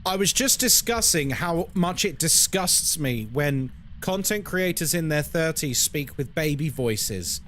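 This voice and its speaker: Sarcastic, lively male streamer. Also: fairly high pitch, a little slow, slight background noise. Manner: sarcastic, joking, rambling. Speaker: live streamer. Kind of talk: casual live-stream chat.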